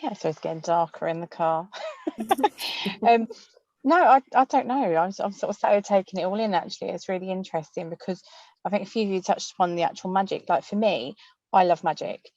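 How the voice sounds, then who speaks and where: A woman's voice: mid-range voice, fairly quick, darkish tone, no echo. Chatty woman on a dull call line. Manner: chatty, with many fillers and laughs. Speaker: magician and panel guest. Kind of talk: casual panel chat. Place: inside a car.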